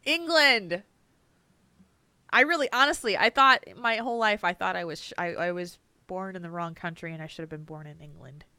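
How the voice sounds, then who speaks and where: Woman co-host, chatty, low-ish bright voice, dry close mic. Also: fairly quick, smooth, dry recording. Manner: chatty, laughs often, trails off. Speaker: podcast co-host. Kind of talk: casual chat.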